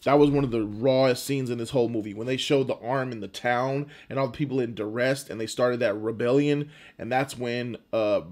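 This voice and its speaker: A man's voice: medium pitch, fairly even intonation, fairly quick, few pauses, a little mellow. A man giving a casual, emphatic movie review, informal and often restarting his words.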